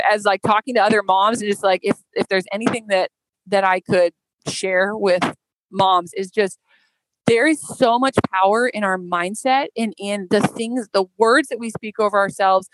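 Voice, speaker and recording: A woman's voice: medium pitch, a bit bright, no echo, low-quality recording. An American woman telling a personal story in a casual, heartfelt way, full of fillers and growing emotional. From United States. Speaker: podcast guest.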